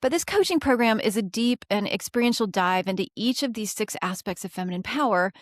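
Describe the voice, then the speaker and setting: A woman hosts a podcast in an effusive, openly emotional way. Her voice sits at a middle pitch, and the recording is dry and close with no room sound. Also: no echo. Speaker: podcast host. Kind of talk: podcast interview.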